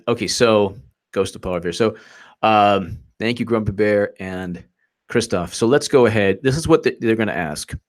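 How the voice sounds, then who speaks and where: A man giving rambling, sarcastic political commentary on a livestream, often mocking quotes in put-on voices. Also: fairly low pitch.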